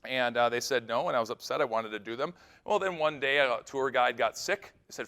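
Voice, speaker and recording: Medium in pitch and fairly quick, a male pastor takes a conference stage for a keynote sermon. He tells stories animatedly, moving between loud bursts and hushed, serious moments.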